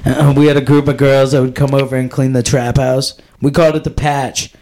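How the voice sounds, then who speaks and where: A man's voice: medium pitch, little pitch movement, a little fast, warm tone. A young man telling a wild party story on a podcast, crude and laughing as he goes. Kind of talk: casual storytelling.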